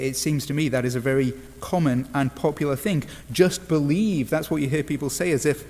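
A man's voice: fairly high pitch, darkish tone, in a large hall. A man from England with an English accent, preaching an earnest sermon with wry asides and frequent "uh" fillers. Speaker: pastor.

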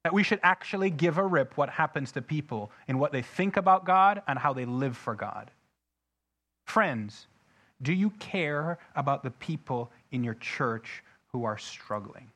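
A man's voice: a little high, expressive, measured pace, fairly bright tone. A man preaching a sermon, reading scripture aloud with heavy emphasis and often putting questions to the congregation. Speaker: pastor.

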